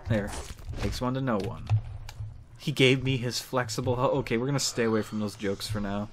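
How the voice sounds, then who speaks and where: Hosting a let's play series, a man comments casually on gameplay, cracking irreverent jokes and swearing often. His voice is medium-pitched and steady, delivered at normal speed over a noisy background.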